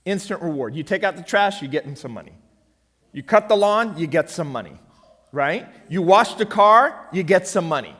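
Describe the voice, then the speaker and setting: A middle-aged man with a slightly high voice teaches a finance seminar at church, emphatic and punchy, often checking that the room is following. His voice rings with the long reverb of a church hall. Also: lively intonation, normal speed, fairly bright tone.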